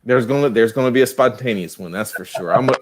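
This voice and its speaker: A man with a Southern American accent, chatting as a guest on a video call in a slow, easy drawl and laughing often. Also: medium pitch, a little hiss or hum. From United States. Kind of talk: casual chat.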